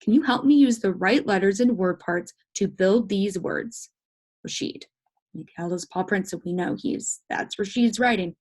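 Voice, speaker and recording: A woman teaching a phonics lesson to young children, speaking slowly in a sing-song, encouraging way and sounding out letters, sometimes dropping to a whisper. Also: mid-range voice, darkish tone. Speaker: first grade teacher.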